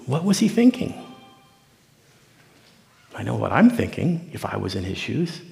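A man's voice: mid-range voice, huge pitch swings, a little slow, creaky, warm tone, long reverb tail. A man preaching a sermon, telling a story and acting out its people in dialogue. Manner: storytelling preacher who acts out the figures in dialogue. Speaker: pastor.

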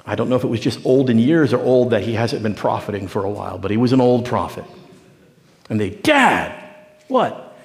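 A man's voice: fairly low pitch, steady tone, fast talker, warm tone, long reverb tail. A man preaching a sermon, telling a story and acting out its people in dialogue. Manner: storytelling preacher who acts out the figures in dialogue. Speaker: pastor.

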